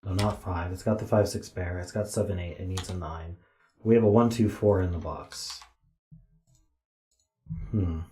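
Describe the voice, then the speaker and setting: A tired man thinking aloud as he solves a puzzle on a stream, slowly counting digits under his breath. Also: low-pitched, fairly even intonation, dark tone, echoey room, slight background noise. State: tired, yawning. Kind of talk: thinking aloud while solving.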